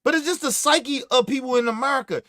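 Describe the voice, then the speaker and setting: A man hosting a podcast, telling stories in casual, profane, animated commentary and acting out what others said. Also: extremely high pitch, fast talker, dry recording, studio quality. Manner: profane, animated storytelling with acted-out quotes. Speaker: podcast host.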